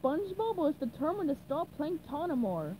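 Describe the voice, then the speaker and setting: A woman reading a storybook aloud with slow, animated narration. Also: sits high, slight background noise, poor audio. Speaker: storybook reader.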